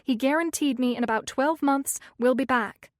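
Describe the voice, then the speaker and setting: A young devoted mother, firm and a little weary, holds her ground in a defensive tone, as a woman narrator voices her. The voice sits somewhat high, and the audiobook recording is dry and close. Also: moderate pace, no room sound, close to an everyday voice. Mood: insistent.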